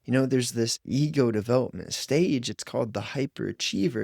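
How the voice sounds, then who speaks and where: A man's voice: medium pitch, normal speed, vocal fry, few pauses, darkish tone, dry recording, studio quality. A man hosting a solo podcast, talking in a loose, reflective way with many fillers and restarts. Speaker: podcast host. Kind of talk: solo podcast monologue on inner growth.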